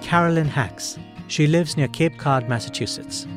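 A man hosting a podcast, reading scripted narration in a calm, measured way. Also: a little high, over music. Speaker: podcast host.

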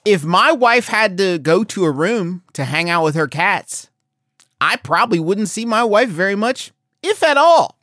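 A man co-hosting a comedy podcast, delivering animated mock-serious rants in casual banter. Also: high voice, a little slow, dry recording, studio quality. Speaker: podcast co-host.

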